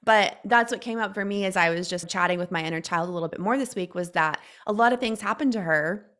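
A woman's voice: medium pitch, fast, fairly bright tone. A woman in her late thirties telling a personal story in a casual, reflective way, often filling her sentences with "like.". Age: late 30s. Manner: chatty, reflective, frequent "like" fillers. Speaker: guest sharing a personal story.

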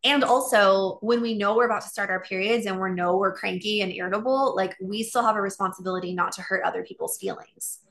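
A woman's voice: mid-range voice, steady tone, quick pace, few pauses, fairly bright tone. A middle-aged woman talking earnestly and openly in a casual monologue, with many "like" fillers.

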